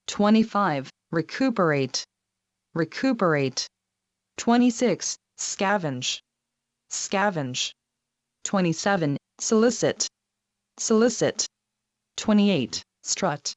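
Lady reading out a word list real slow and careful, says every word twice, dead dry audio. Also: medium pitch, no room sound. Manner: says each word twice, measured and deliberate. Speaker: vocabulary reader. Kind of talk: reading a numbered vocabulary list.

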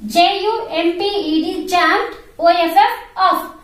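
A woman's voice: very high-pitched, slow, a bit bright. A woman teaching an online primary school English class, spelling words out letter by letter and repeating their pronunciation. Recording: very echoey room.

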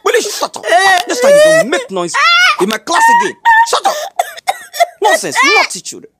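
A woman's voice: high voice, sing-song, slow pace, heavy background noise, full character voice. A woman playing a strict schoolteacher who scolds her class, with a Nigerian accent. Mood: scolding. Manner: scolding, shouty. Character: strict shouting female schoolteacher. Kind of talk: comedy skit acting.

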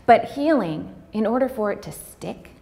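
A woman giving a personal talk, speaking candidly and heartfelt with fillers, sometimes breaking into quick, acted-out dialogue. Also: on the high side, expressive, creaky, warm tone. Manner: acts out dialogue in quick bursts. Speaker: speaker on pregnancy loss.

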